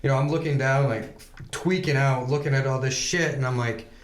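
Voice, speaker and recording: A man telling a rambling, profane personal story in casual chat, animated, often laughing. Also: mid-range voice, brisk. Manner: swears a lot, animated anecdotes, laughs while telling. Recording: echoey room.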